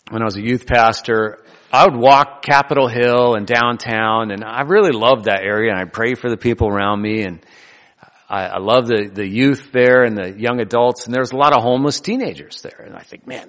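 A man's voice: mid-range voice, a bit bright, big-room sound. A man preaching a sermon in a loose, conversational way, joking and laughing between his points. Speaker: pastor.

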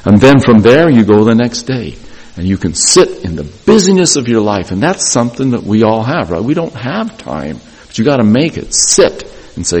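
A husky, low-voiced middle-aged man speaks before a gathering of young graduates. His devotional address rises and falls with lively pitch, and he often repeats a phrase for emphasis. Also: normal speed, poor audio.

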